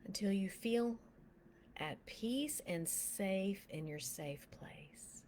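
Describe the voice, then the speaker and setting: A woman leading a guided prayer and telling a testimony, speaking softly with frequent whispers and becoming emotional as she tells the story. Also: mid-range voice, a little hiss or hum. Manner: soft, slow and often whispered while guiding prayer; gets emotional and animated while telling the story. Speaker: minister.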